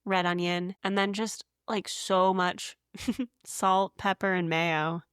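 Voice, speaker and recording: A young woman with a light Pacific Northwest accent and a nasal, lower-pitched voice co-hosts a podcast. She chats in a playful, easygoing way. The sound is dry and close-miked. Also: steady tone, slow pace, fairly bright tone, clean tone, no echo. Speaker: podcast co-host. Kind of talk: casual chat.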